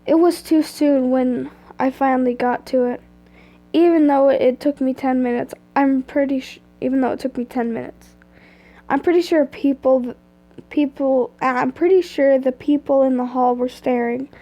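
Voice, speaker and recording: A young woman with a cold reads a story aloud, clearing her throat and breaking off into casual chatter between passages. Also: high voice, fairly even intonation, moderate pace, mellow, rough recording. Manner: chatty asides that break off the reading. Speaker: fan fiction reader. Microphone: phone screen recording.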